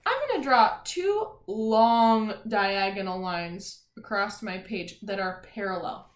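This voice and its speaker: A woman teacher giving a phonics and spelling lesson to young children, talking clearly and encouragingly. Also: medium pitch, expressive, takes it slowly. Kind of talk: early-grades phonics lesson. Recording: echoey room.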